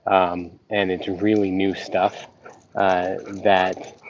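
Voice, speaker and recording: A man's voice: low voice, flat delivery, slow pace. A man hosting a casual live stream, rambling and full of ums as he greets viewers. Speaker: YouTube reaction channel host. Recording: dull lo-fi sound with faint noise.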